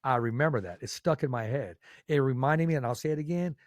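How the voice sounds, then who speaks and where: A man's voice: medium pitch, quick pace, no echo, studio quality. A man hosting an interview podcast, talking casually in an emphatic, rambling and enthusiastic way. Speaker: podcast host.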